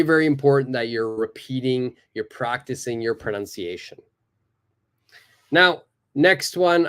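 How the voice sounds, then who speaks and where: Man, English teacher running a live online class from his computer, upbeat and encouraging, drills phrases slowly. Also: medium pitch, a bit bright, clean tone.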